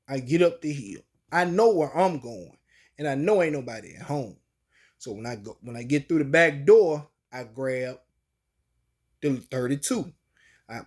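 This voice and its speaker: Man, slangy colloquial storyteller, fairly high-pitched. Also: darkish tone. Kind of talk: casual spoken storytelling.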